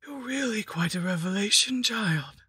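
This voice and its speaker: A woman voicing a sweetly menacing old female lich hag, crooning slowly in a breathy, husky whisper for a horror story. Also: mid-range voice, expressive, a bit bright, no room sound, clean studio sound, voice pushed up. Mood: crooning menace. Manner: cooing, slow, crooning.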